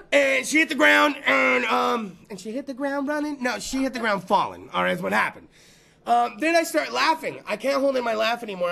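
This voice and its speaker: A male podcast host telling a rambling, profane story in a loud casual chat, repeating phrases and breaking into shouts. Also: very high-pitched, gravelly.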